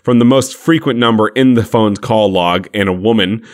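A man's voice: on the low side, normal speed. A man co-hosting a podcast, recapping a TV episode in a loose, profane, joking way. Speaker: podcast co-host. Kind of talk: casual chat recapping a TV episode.

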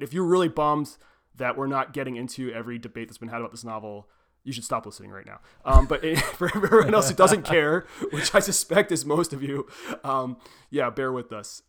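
A man's voice: mid-range voice, fairly bright tone, smooth. A young adult man co-hosting a literary podcast, talking casually and loosely, with lots of "like" and restarts. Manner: rambling, self-correcting, frequent "like" and "um". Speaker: podcast co-host.

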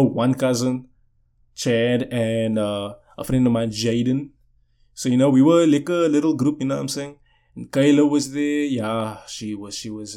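This young man's voice sits in the mid range with a darkish tone. A vlogger, he rambles through a casual story for his viewers, often starting sentences over and constantly asking "you know what I'm saying."

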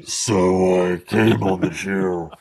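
Guy doing a super deep slow gravelly disguised voice, like an anonymous guest. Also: fairly even intonation, darkish tone, exaggerated voice. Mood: deadpan. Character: anonymous disguised man, voice lowered.

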